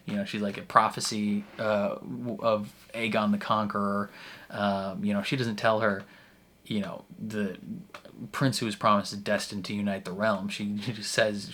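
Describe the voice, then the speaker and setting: Guy doing a reaction vid, kinda low voice, rambly, says like a lot, keeps laughing. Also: a bit bright. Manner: rambling, filler-heavy with frequent "like" and restarts; laughs often while talking. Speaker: reaction video host. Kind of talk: casual episode commentary.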